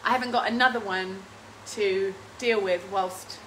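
A woman's voice: medium pitch, steady tone, a little slow, fairly bright tone, a little hiss or hum, rough recording. A woman, hosting a casual home cooking stream, chatting and rambling with frequent laughs while reading out viewer comments. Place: home kitchen.

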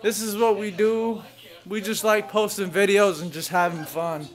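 A man's voice: high voice, fairly even intonation, moderate pace. A man filming his baby son at home in a bedroom, teasing and coaxing him in a playful, joking way. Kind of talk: playful home video talk to a toddler.

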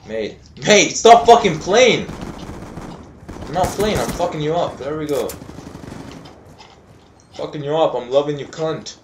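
A young man doing live video game commentary, trash-talking, swearing and breaking into yells. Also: fairly high pitch, lively intonation, normal speed, pauses often, noisy background. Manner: foul-mouthed trash talk, bursts of yelling. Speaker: gaming commentator. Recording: roomy sound with game gunfire. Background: video game gunfire.

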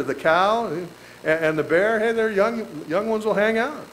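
High-voiced man teaching the Bible. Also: moderate pace, a little hiss or hum, low-quality recording. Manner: folksy and animated, with joking asides and chuckles. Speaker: pastor. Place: church.

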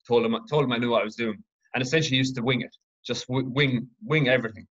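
A man from Ireland hosting his own podcast, telling a personal story in an earnest, reflective, halting way. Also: mid-range voice, fairly bright tone, muffled recording. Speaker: podcast host.

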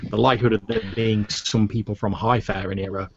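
A man's voice: fairly low pitch, quick pace, slight background noise. Man narrating a tabletop game, lo-fi. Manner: relaxed, hesitant storytelling with many fillers. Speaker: game master. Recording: dull lo-fi recording.

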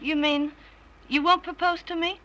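A woman's voice: very high-pitched, steady tone, moderate pace, pushed and bright, low-quality recording. An actress playing a headstrong, spoiled young woman from a rich family who talks in a coaxing, playful way in an early 1930s film. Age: young adult.

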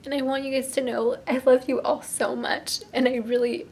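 A young woman talking to her subscribers in a vlog, crying and sniffling, halting and restarting with lots of "like". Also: high voice, little pitch movement, a little mellow, husky. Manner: tearful, heavy use of "like", halting restarts. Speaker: YouTuber.

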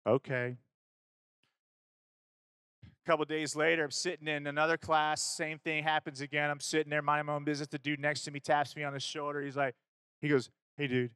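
A man's voice: a little high, brisk, pauses often, clear, resonant tone, no echo. A man from Kentucky speaking to a youth audience, telling a personal story casually, with fillers and acted-out dialogue. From Kentucky, USA. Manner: animated storyteller who acts out dialogue; casual, with fillers and self-corrections.

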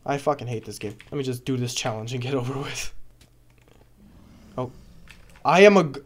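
A man giving live gameplay commentary, excitable, rambling and stumbling over his words, swearing and yelling at the game. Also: mid-range voice, moderate pace, pauses often. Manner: excitable, swears and yells at the game, trash-talks it. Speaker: gaming video creator.

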